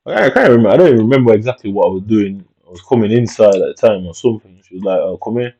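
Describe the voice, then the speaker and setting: Mellow, low-voiced British man rambling. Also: expressive, racing, dull audio. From Jamaica. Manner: rambling and reflective, tags lines with "innit". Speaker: vlogger. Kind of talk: casual storytelling monologue.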